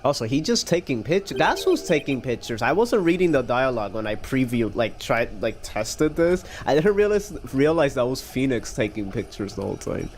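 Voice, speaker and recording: A man streaming a game playthrough live, chatting in an excitable, rambling way. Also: medium pitch, moderate pace, few pauses, a little hiss or hum.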